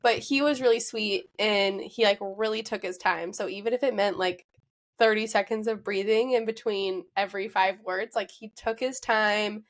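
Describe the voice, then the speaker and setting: A woman's voice: mid-range voice, fairly even intonation, normal speed. Brief: young female co-host, casual, supportive, chiming in with agreement. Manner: supportive, fills in with short agreements. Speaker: podcast co-host. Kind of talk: casual chat.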